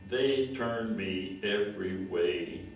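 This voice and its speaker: A man's voice: lowish voice, muffled recording, slight background noise. A man, a retired county agent telling long, folksy stories with a chuckle. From Kentucky. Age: 90s. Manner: slow, folksy, chuckling storyteller. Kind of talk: rambling personal storytelling. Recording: echoey room, distant mic.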